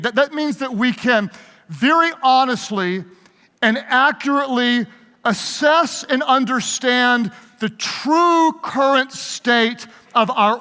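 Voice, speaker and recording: A man's voice: very high-pitched, bright, forceful tone, clean tone. A man preaching a leadership sermon, leading his audience in call-and-response. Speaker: pastor. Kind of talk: sermon-style leadership talk. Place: large hall with live audience. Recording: long hall reverb.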